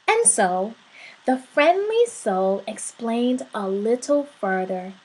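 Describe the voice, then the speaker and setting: A woman reading a storybook aloud in a soft, measured way. Her voice is high and her pace slow and deliberate. The telling stays gentle and expressive. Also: slightly rough, poor audio.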